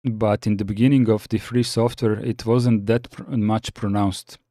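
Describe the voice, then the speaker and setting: A man's voice: on the low side, flat delivery, normal speed, mellow, dry recording, clean studio sound. A man from the Balkans hosting a casual live chat, reading viewer comments and answering with many restarts and fillers. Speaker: livestream host reading chat.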